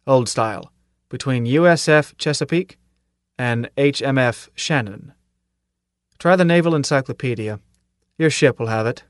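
A man's voice: mid-range voice, no echo, close to an everyday voice. Stern old army commandant , a guy putting it on, clipped and bossy, dry close sound. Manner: clipped, authoritative, with pointed questions. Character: stern older male military commandant, gruff and commanding. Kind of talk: audiobook character reading.

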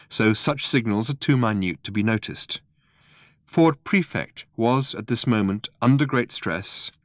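A man narrating a comic novel in a wry, expressive way. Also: lowish voice, no room sound, clean studio sound. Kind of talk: audiobook narration.

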